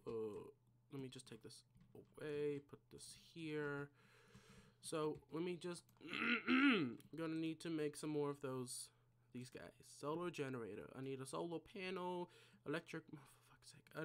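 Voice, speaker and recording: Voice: medium pitch, expressive, unhurried, a bit bright, clean tone. A gaming channel creator giving casual gameplay commentary, mumbling and thinking aloud to themself at a desk mic.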